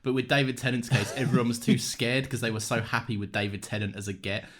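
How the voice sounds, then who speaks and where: A man co-hosting a podcast in casual chat, quick to act out characters in short put-on voices. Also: mid-range voice, level tone, fairly bright tone, a little hiss or hum. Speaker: podcast co-host.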